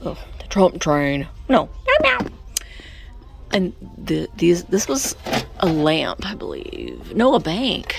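A woman with a strongly gravelly voice chats her way through an antique mall, her pitch swinging all over the place. She talks to the items as if they were people and drops into whispered asides. Faint store music plays behind her. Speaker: vlogger. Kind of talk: casual thrift-shopping chat. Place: indoor antique mall with booths.

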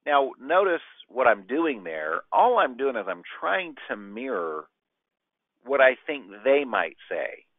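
Animated gravelly man on a phone line. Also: mid-range voice, takes it slowly, no echo. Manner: animated, acts out client exchanges. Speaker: sales trainer. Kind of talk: training talk with role-played dialogue. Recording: dry tinny phone-like line.

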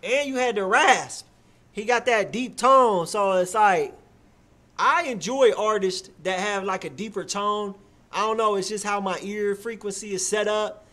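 A man's voice: sits high, a little slow. A man hosting a live music review show, chatting casually in loose slang and filling his talk with "like" and "you feel me". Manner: hyped and loud when cheering a track. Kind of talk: casual live-stream commentary.

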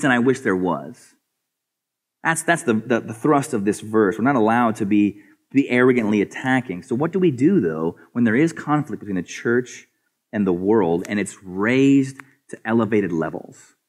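A pastor preaching a sermon in an earnest, persuasive way. His voice sits at a middle pitch for a man. He drops low and quiet for asides, then climbs higher and louder to press a point, often repeating words as he goes. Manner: swings between soft, low asides and raised, higher emphatic passages.

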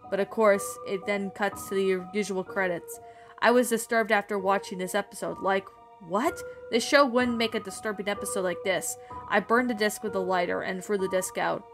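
A woman reads a horror story aloud in an ordinary, mid-range voice. She delivers it earnestly, with the occasional stumble, while background music plays throughout. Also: mid-range voice. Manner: earnest reading with frequent stumbles. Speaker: creepypasta narrator.

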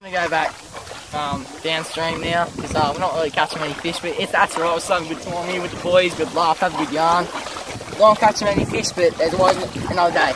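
Young Australian man, high voice, off-mic. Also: fairly even intonation, fast talker, recorded from a distance, background noise. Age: young adult. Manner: easygoing, explains plainly. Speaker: vlogger. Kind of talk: casual outdoor tutorial chat.

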